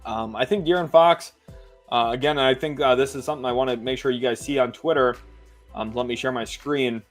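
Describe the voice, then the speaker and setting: A man giving casual basketball commentary on a stream, talking loosely with fillers and slowing down as he reads lists aloud. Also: mid-range voice, faint music behind. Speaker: sports commentator.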